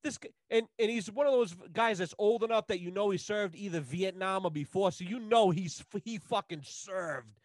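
A man guesting on a podcast, ranting loudly and swearing heavily in casual chat. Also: high-pitched, normal speed, hardly any pauses, dry recording. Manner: loud, swearing, heated. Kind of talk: casual profane rant.

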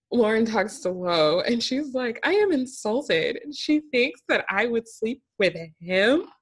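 A woman co-hosting a casual recap podcast, ranting with exasperation and laughing often. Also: lowish voice. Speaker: podcast co-host.

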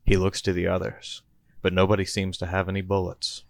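A man's voice: sits low, completely flat delivery, brisk, creaky, no echo. A man and podcast host reading out a comedy story in a playful storytelling manner. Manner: playful storyteller, chuckling between bits.

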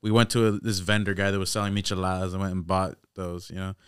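A man's voice: low-pitched, quick pace, smooth, dry recording, clean studio sound. Cussing young man hosting a chat. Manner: profane, slangy, animated banter. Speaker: podcast host. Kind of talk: casual chat.

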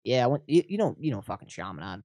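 A man's voice: medium pitch, sing-song, quick pace, mellow, no room sound, clean studio sound. A young man, a comedian on a podcast, chatting casually, swearing and using lots of fillers. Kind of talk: casual chat.

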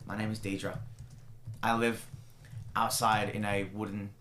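A man voicing a shy young woman from a forest village in a tabletop game, speaking in a sheepish, halting way, in a roomy-sounding recording. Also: fairly low pitch, level tone, a bit bright, slight background noise. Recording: roomy echo.

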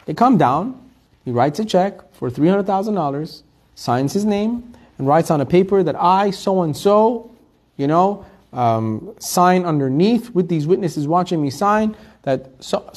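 A man with a slightly high voice tells a story in a weekly Torah class. He talks fast and animated, restarting phrases and repeating words as he goes. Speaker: Torah teacher.

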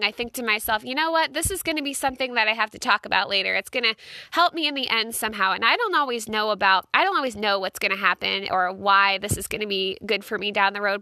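Bright chatty young woman podcaster. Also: medium pitch, no room sound. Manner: chatty, rambling, says "like" a lot. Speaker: podcast host. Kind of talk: casual podcast monologue.

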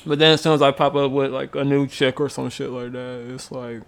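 Smooth-voiced young man, casual chat. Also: mid-range voice, little pitch movement, fairly quick. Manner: loose, profane storytelling.

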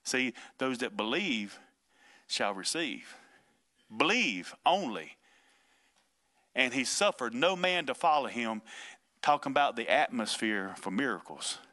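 A male pastor preaching in a loose, conversational style. His voice is bright and forward, and his delivery is folksy and emphatic. He chuckles between points. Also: mid-range voice, animated, unhurried. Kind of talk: informal preaching on a podcast.

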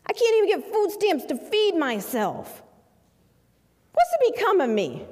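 Young man, distraught ex-client, repetitive and rising, high-pitched; woman quoting him; hall reverb. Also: huge pitch swings, unhurried, a little mellow, heavily acted. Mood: desperate. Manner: pleading, repetitive, rising with emotion. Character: distraught young male former client pleading.

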